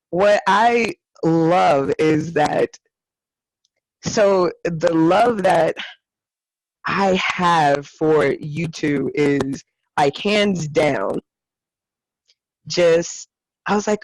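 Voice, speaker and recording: Woman co-host, effusive casual chat, unhurried, dry close sound. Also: fairly low pitch, animated, darkish tone, no echo, low-quality recording. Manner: effusive, acts out others' lines in quoted voices. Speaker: podcast co-host.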